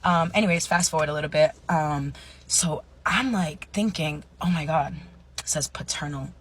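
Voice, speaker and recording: A woman in her thirties telling a personal story in a chatty way, full of fillers and dropping into hushed asides. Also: low voice, moderate pace, a little hiss or hum. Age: 30s. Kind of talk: casual storytime monologue.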